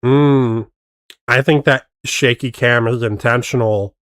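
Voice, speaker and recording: A man chats slowly and skeptically as he reacts to a video on stream, working out how each trick was done. His voice is close and dry, with no room sound around it. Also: medium pitch, fairly even intonation, a bit bright, clear, resonant tone, no echo. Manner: skeptical, picks apart tricks. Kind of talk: casual reaction commentary.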